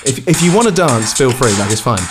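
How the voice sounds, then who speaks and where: A man's voice: medium pitch, sing-song, fast talker, music in the background. A man from North London, co-hosting a casual podcast chat, playful and prone to stammered restarts. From England (North London). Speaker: podcast co-host.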